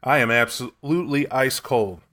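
A man's voice: medium pitch, normal speed, fairly bright tone. A man co-hosting a podcast, bantering with dry jokes. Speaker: podcast co-host. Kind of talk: casual chat.

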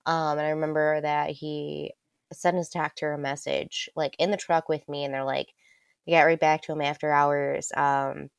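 A woman's voice: low-pitched, flat delivery, normal speed, creaky, smooth, no room sound, clean studio sound. A woman telling a personal story in casual conversation, candid and loose, swearing freely with lots of ums. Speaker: guest.

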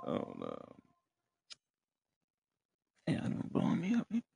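A man's voice: medium pitch, huge pitch swings, racing, gravelly, mellow, slightly rough, no room sound. A man, rambling in a profane, casual street-talk monologue.

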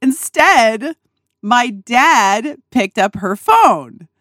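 A podcast host tells a personal story without hurrying, her pitch swinging widely with lively intonation as she laughs and swears casually. Her voice is a bit bright, and the recording is dry and close, made in a small RV dinette.

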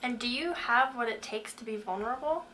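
Earnest woman with a bright voice. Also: on the high side, fairly quick, a little hiss or hum. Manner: earnest, asks the listener direct questions. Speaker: Christian speaker. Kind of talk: faith-based motivational talk.

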